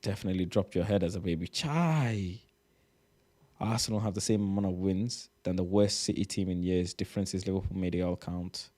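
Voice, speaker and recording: Guy reacting to posts, fed up, swears a lot, lowish voice. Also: fairly quick, mellow. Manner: exasperated, swearing, reading posts aloud. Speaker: reaction streamer. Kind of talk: casual reaction commentary.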